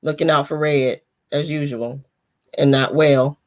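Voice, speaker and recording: Laughing woman, unhurried, chatty. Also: deep voice. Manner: laughing, animated, slangy. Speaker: host of a book discussion. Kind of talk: casual live chat.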